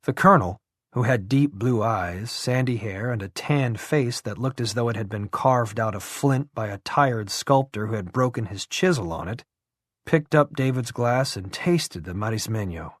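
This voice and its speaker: A man giving a measured, even scripted narration of an audiobook. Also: lowish voice, husky, no room sound, clean studio sound.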